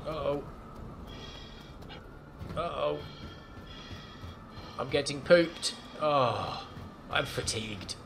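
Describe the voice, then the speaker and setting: A man's voice: fairly high pitch, drawn-out words, pauses often, music in the background. A man hosting his gaming channel, giving casual, jokey, awestruck commentary as he plays.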